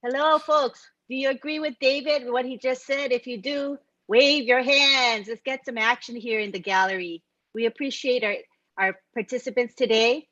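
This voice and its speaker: Female webinar host, fairly high voice, dry and dull call audio. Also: fairly even intonation, moderate pace, fairly bright tone, dry recording. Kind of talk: hosting a webinar. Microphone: video call.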